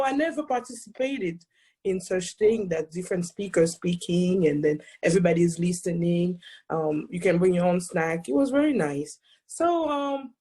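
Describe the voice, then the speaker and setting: A woman in her 40s with a thick Haitian accent shares a personal testimony as an invited speaker. Her mid-range voice is slightly rough, and she's excitable and quick to laugh.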